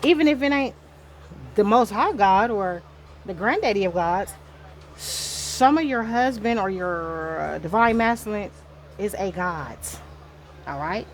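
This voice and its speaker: A woman's voice: mid-range voice, lively intonation, measured pace, slight background noise. A woman giving a casual spiritual card reading to her viewers indoors, talking in a rambling, loose way and swearing now and then. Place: indoor room.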